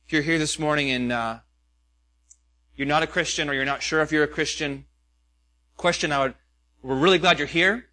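Man, pastor, sermon, high-pitched, earnest, rhetorical questions. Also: moderate pace, long pauses, pushed and bright.

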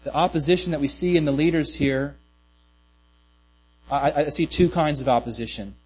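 Male pastor, sermon, conversational, restarts and asides, slightly high voice, faint hum behind. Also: moderate pace, darkish tone, low-quality recording.

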